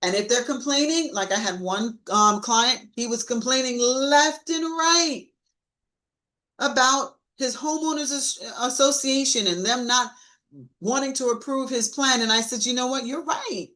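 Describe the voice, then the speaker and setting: Animated woman coaching sales. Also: high voice, unhurried, low-quality recording. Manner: coaching, animated, acts out sample sales lines. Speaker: sales trainer. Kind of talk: live-streamed sales training talk.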